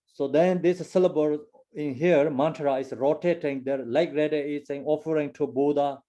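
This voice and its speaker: A man giving a Buddhist teaching in halting, broken English, full of fillers and restarts. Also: fairly high pitch, fairly even intonation, mellow. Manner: second-language English with broken grammar. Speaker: dharma teacher.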